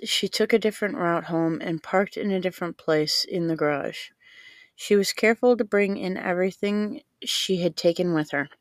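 A woman narrating a novel aloud in a measured, unhurried manner. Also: fairly low pitch, no echo. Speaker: audiobook narrator. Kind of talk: scripted narration.

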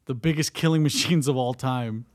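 A man's voice: medium pitch, normal speed. A man in casual podcast chat, telling stories with jokes and laughs. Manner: laughing, joking storyteller.

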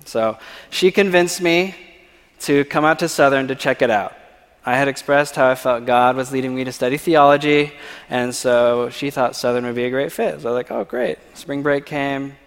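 A man's voice: mid-range voice, steady tone, moderate pace, clean tone. Man telling a story in a reverberant hall. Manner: storytelling, often checks in with "okay?". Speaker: church speaker. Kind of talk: personal testimony talk. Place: church sanctuary. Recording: long reverb of a large hall.

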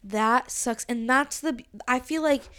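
A woman's voice: high voice, measured pace, pushed and bright, clear, resonant tone. A woman co-hosting a podcast, chatting casually and candidly with lots of fillers. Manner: chatty, candid, says like a lot. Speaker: podcast co-host.

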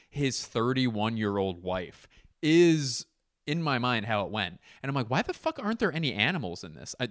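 A tired young man rambles through a comedic podcast monologue, swearing freely and poking fun at himself. His voice sits at a middling pitch and sounds dry and close, with no room around it. He often trails off into low mumbles. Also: a bit bright, clean tone, dry recording. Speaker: podcast host. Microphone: computer mic.

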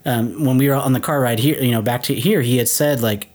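A man's voice: medium pitch, fairly quick, a little mellow. Laughing, rambling male podcast co-host. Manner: joking, laughs often; loose, rambling with fillers. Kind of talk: casual chat.

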